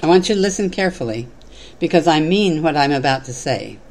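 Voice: mid-range voice, expressive, brisk, a little mellow, close to an everyday voice. A storyteller voicing an ordinary man struggling to hold a rope, who speaks with exasperated urgency. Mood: firm. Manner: exasperated, then firm.

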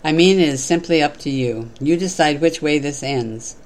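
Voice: medium pitch, moderate pace, close to an everyday voice. A narrator voicing a strained rope-holding man. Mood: firm. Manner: exasperated, then firm.

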